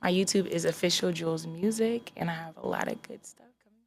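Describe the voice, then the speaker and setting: A young woman from North Carolina talking casually as a singer guest in an interview. Her voice sits a little low for a woman, and she chats upbeat, leaning on "like" as she goes. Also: fairly quick. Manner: chatty, many "like" fillers, upbeat.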